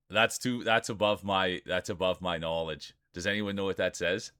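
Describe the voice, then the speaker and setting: A man's voice: fairly low pitch, fairly even intonation, moderate pace, few pauses, pushed and bright, smooth, no echo, clean studio sound. A man streaming live, chatting casually and rambling while greeting viewers by name.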